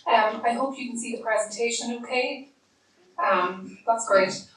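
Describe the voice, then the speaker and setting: A middle-aged woman gives an academic lecture by remote link, measured and polite. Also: on the high side, a bit bright, far from the mic. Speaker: guest lecturer. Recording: remote audio played in a very echoey hall, faint hiss.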